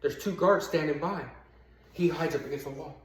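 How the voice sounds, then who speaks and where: A man telling a parable in a casual motivational talk, speaking conversationally and filling gaps with "you know", and climbing high and emphatic when he drives a point home. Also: moderate pace. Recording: echoey room.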